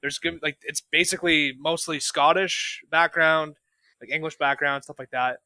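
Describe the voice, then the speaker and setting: A man rambles through casual podcast chat, piling up fillers as he goes. His voice is bright and forward, recorded close and dry with no room sound. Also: fairly high pitch, fairly even intonation, normal speed, dry recording. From Canada, Southern Ontario. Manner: rambling, heavy use of filler words. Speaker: podcast guest.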